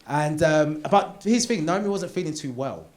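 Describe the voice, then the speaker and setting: A British man in his thirties doing live stand-up, chatty and confessional, building up to loud punchlines. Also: on the high side, lively intonation, normal speed, noisy background. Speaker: stand-up comedian. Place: theatre stage.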